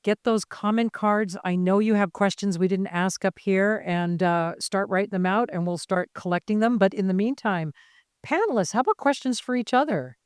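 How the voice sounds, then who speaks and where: A middle-aged woman runs a panel discussion on a conference stage, brisk and quick to joke as she prods her panelists. Her voice is smooth and clear, sitting at an ordinary pitch. The sound is dry and close, with no room echo. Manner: brisk, joking, prompting panelists. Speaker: panel moderator.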